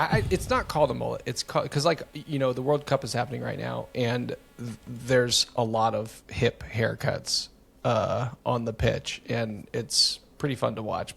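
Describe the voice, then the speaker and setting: A man's voice: medium pitch, vocal fry, a bit bright, slightly rough. A man hosting a podcast in casual chat, hesitant and repeating words as he talks. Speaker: podcast host.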